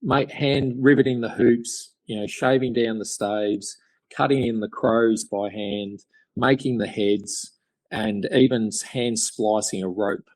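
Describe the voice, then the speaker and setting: A man's voice: mid-range voice, unhurried, darkish tone, dry recording, rough recording. An Australian man, a craftsman guest on a podcast, telling stories in an enthusiastic, rambling way. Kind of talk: casual interview chat.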